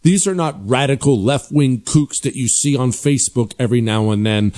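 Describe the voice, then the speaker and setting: A man hosting a political commentary show, talking forcefully and sarcastically with emphatic repetition. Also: mid-range voice, moderate pace, hardly any pauses.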